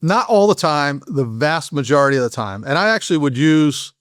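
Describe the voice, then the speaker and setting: A middle-aged man talks fast in a podcast interview, with frequent restarts and self-corrections. His voice sits a little high for a man. The recording is dry and close. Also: expressive, fairly bright tone, dry recording. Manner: fast, rambling explanations full of restarts. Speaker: guest, former SWAT operator and FBI agent.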